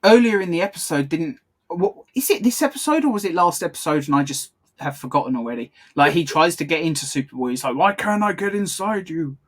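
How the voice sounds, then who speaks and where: A man's voice: on the high side, expressive, fast. Chatty laughing man co-hosting a commentary. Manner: chatty, laughs often, rambles off topic. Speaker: podcast co-host. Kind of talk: casual commentary chat.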